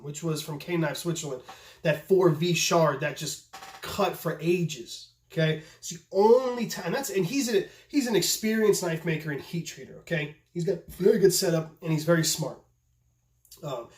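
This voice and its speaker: A man talking casually and profanely about knife tests, stammering often and sounding a little tipsy from shots. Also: fairly high pitch. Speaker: knife tester and maker. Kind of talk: casual vlog talk. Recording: echoey room.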